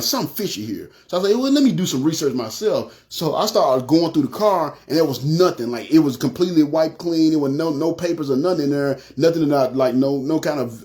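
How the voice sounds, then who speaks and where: Fast-talking man telling his story. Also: on the high side. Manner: animated, acts out quoted voices, frequent "you know what I'm saying". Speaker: testimony speaker. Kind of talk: storytelling testimony.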